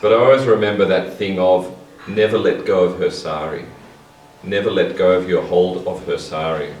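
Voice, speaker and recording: A man's voice: low voice, fairly even intonation, normal speed, a little mellow, a little hiss or hum. A man earnestly sharing advice and repeating his key points. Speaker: interviewee. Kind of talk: reflective advice. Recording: echoey, distant mic.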